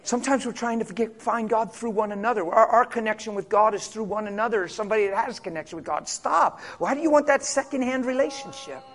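A man's voice: sits high, quick pace, hardly any pauses, fairly bright tone. A male pastor giving a passionate, conversational sermon with casual asides.

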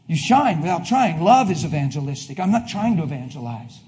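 A male preacher delivering a fervent sermon, swinging between shouted declarations and hushed, intimate asides. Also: fairly high pitch, sing-song, fairly quick, slight background noise.

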